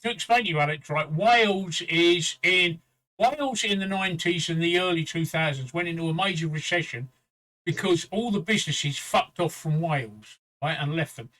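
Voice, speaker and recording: Bright high-voiced Englishman telling a story. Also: normal speed, rough recording. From England. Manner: swearing, repeats "right?" as a tag; quotes others in a raised voice. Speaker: show host. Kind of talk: casual storytelling chat.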